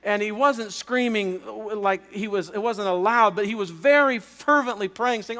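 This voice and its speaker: A man, a pastor, preaching a revival sermon as an earnest personal testimony, often halting and repeating words. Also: sits high, pushed and bright. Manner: earnest storytelling with halting restarts. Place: chapel. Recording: long reverb of a chapel.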